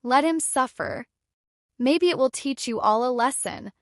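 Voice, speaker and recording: A woman's voice: high-pitched, unhurried, no echo, clean studio sound. A woman voicing a cruel, scheming stepmother. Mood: harsh. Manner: harsh and threatening, turns falsely sweet.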